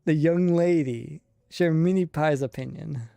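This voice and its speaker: A man's voice: fairly high pitch, measured pace, vocal fry, warm tone, dry recording, studio quality. A man voicing a self-important young lady as he reads game dialogue aloud, stretching out her proud words. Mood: haughty.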